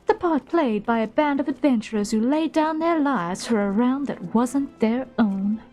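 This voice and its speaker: A woman's voice: a little high, normal speed, a little mellow, lightly acted. A woman voicing a shrewd middle-aged female guild innkeeper in a slight put-on southern drawl, reading game dialogue aloud in character. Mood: wistful.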